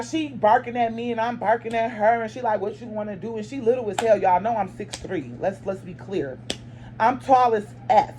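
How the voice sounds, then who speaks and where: A woman vlogger telling a story to her viewers in a casual, animated, emphatic way, cursing freely and calling her audience y'all. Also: mid-range voice, slight background noise.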